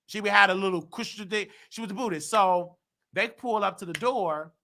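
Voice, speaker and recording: A man with a high, gravelly voice speaks at a moderate pace while hosting a call-in live stream on his own YouTube talk show. He's an animated storyteller who spins loose, slangy tales and acts out other people's voices when quoting them.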